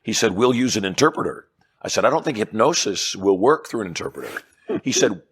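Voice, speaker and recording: Low-voiced middle-aged man telling stories. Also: fairly quick, breathy edge. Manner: animated storyteller acting out dialogue. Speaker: guest, hypnotist and persuasion trainer. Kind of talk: storytelling interview chat.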